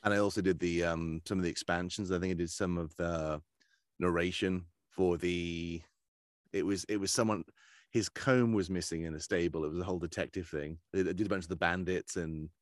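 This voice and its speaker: A man who works as a voice actor, chatting casually in an interview and telling animated stories. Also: low voice, brisk, dry recording, studio quality. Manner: animated storyteller who slips into character voices. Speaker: voice actor guest.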